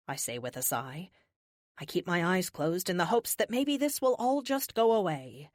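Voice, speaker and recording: A young woman narrating an audiobook in the first person, expressive and dramatic, her pitch rising and falling widely. The recording is close and dry, with no room sound. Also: normal speed, no room sound.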